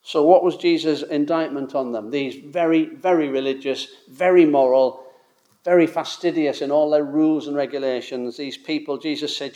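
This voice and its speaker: A man preaching with force, stacking his points in long repeated runs. His voice sits a little on the higher side for a man, and he drives each phrase home with steady emphasis. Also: normal speed. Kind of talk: sermon.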